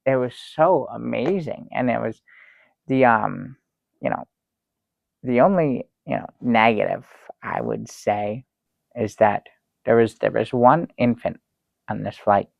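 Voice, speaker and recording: Man doing a rambly fussy guest, gravelly voice, big dramatic outbursts, kinda dull dry sound. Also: mid-range voice, no room sound. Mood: rambling. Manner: rambling, halting, theatrical exclamations. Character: fussy excitable man telling a travel story. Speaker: talk show guest. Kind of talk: improvised comic storytelling.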